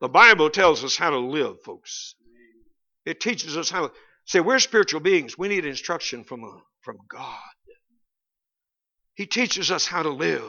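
A man preaching a sermon, dropping to low murmurs and then rising to loud, emphatic points, chuckling between them. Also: lively intonation, a little slow, long pauses, dull audio.

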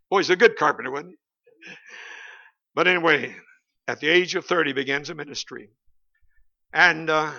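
A man's voice: fairly high pitch, a little slow, gravelly, long pauses, sharp tone. A male Baptist preacher giving a folksy, humorous sermon that rises to emphatic peaks, recorded in a church on a slightly dull, lo-fi recording.

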